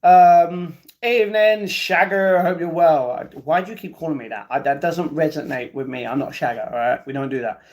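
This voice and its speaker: A man's voice: medium pitch, brisk, hardly any pauses, warm tone. A man hosting a live stream, casually reading out viewer comments and bantering back at them. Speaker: livestream host reading chat.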